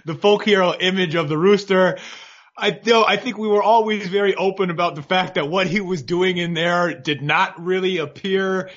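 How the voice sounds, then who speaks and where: A man's voice: high voice, moderate pace, a bit bright. Wry, rambling man on a dull line. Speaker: boxing podcast co-host. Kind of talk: casual podcast chat. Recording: dull lo-fi sound.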